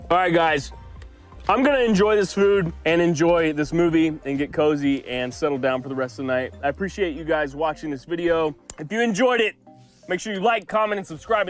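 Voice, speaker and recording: A man chatting casually in a home vlog, playful and jokey, cooing at his dog. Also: a little high. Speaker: vlogger.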